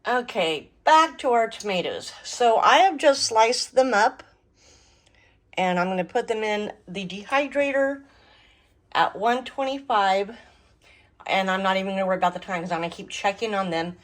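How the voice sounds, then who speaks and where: A woman's voice: mid-range voice, normal speed, poor audio. A middle-aged woman hosting a casual home cooking vlog, chatting through each step as she works. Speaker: home cooking and garden vlogger.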